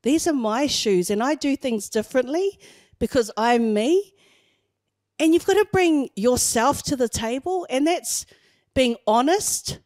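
A woman pastor delivers a sermon, telling personal stories in an easy conversational way. She is middle-aged, and her voice sits slightly high. The sound is close and dry, with almost no room around it. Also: lively intonation, unhurried, a little mellow, no echo.

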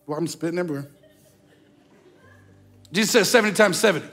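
A man preaching a sermon as pastor, animated, slowing down to stress key phrases and slipping into mock voices. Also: fairly high pitch, faint music behind. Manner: slows down for emphasis on key phrases. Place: church sanctuary.

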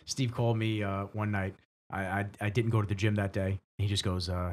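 A man hosting a podcast in casual chat, telling stories in a lively way and acting out the voices of the people he quotes. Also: fairly low pitch, fairly quick, a little hiss or hum. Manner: animated storyteller who acts out quoted voices. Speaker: podcast host.

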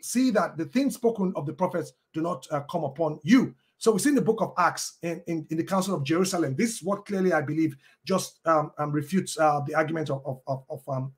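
A man arguing in a formal debate, quoting scripture at length and pausing often with ums and uhs. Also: a little high. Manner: halting, with many ums and uhs and restarts.

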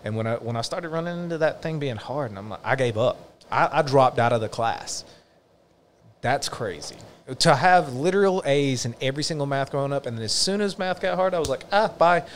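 A man's voice: medium pitch, lively intonation. Earnest male podcast host, faint background hiss. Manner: reflective, earnest, drawn-out musing. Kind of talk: casual podcast conversation.

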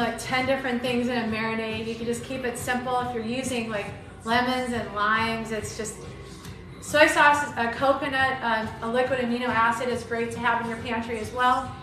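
A woman's voice: fairly high pitch, level tone, moderate pace. A woman from Arizona and Maui chatting casually and flirtatiously as she cooks on a live stream, greeting viewers by name. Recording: echoey room with loud background music.

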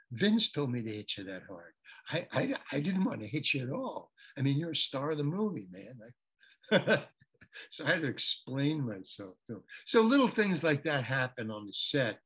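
A man, a guest actor, telling a set story in an animated way, acting out the lines of the people in it and often repeating himself as he restarts sentences. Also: mid-range voice, slightly rough. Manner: animated, acts out the dialogue of others in his story. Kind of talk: anecdotal storytelling.

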